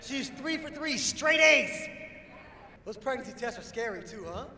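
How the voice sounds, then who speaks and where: A stand-up man with a very high, bright, sharp voice and a punchy delivery that breaks into shouts. He sounds distant in an echoey hall. A faint noise runs behind him. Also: animated, measured pace. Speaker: stand-up comedian. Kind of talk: stand-up set.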